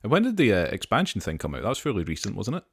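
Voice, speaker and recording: A man hosting a gaming podcast in casual chat, briskly leading the segments. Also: fairly low pitch, wildly swooping pitch, breathy edge, no echo, clean studio sound. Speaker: podcast host.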